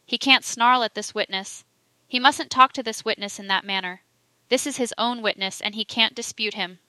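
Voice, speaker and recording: A woman's voice: on the high side, normal speed, pushed and bright, clean tone, dry recording, rough recording. A woman reading the lines of an indignant male defense attorney who protests sharply.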